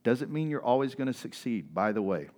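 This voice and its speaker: A man's voice: medium pitch, big pitch swings, a little fast, darkish tone. A male pastor preaching a sermon in a conversational, repetitive style, calling for responses from the congregation.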